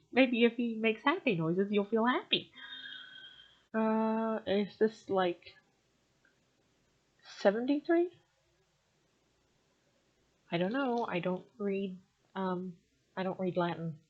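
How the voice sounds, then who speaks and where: A young woman with a somewhat low, breathy-husky voice recites verse and then breaks into wry, self-mocking commentary. The sound is muffled and lo-fi, like a simple home recording. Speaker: vlogger. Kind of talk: reading sonnets aloud with casual commentary.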